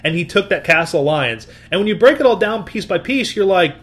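A man's voice: high voice, a little fast. A man telling a story in casual chat, acting out what people said and swearing freely. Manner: animated, swears, acts out quotes.

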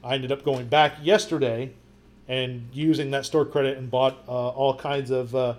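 Brief: man, mid pitch, podcast co-host, rambling anecdotal delivery, stumbles and restarts. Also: moderate pace. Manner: rambling, repeats words, animated storytelling with quoted voices. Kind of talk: casual chat.

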